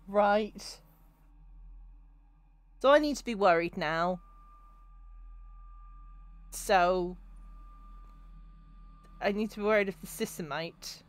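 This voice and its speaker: A woman's voice: medium pitch, slow, pauses often. A woman, chatting and joking to herself while streaming a video game. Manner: chatty, jokey, talking to herself. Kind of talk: casual gameplay commentary.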